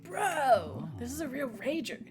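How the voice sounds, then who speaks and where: A woman voicing a dry, teasing middle-aged man with a deadpan delivery. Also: sits high, a little slow, over music, voice pushed up.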